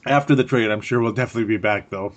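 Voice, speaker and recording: A podcast co-host talks sports casually in a fairly low voice, speaking rapid-fire over dull lo-fi audio. He's chatty, laughs a lot and repeats words for emphasis.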